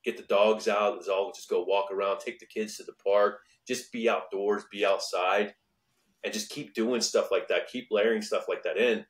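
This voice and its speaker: Earnest motivational man, lower voice. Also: fairly even intonation, moderate pace. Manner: earnest, motivational, repeats points for emphasis. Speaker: podcast host. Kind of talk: casual podcast conversation.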